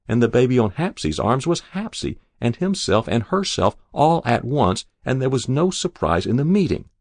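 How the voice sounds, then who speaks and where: A man narrating a literary short story in a measured, expressive way. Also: medium pitch, vocal fry, no room sound, studio quality. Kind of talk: scripted narration.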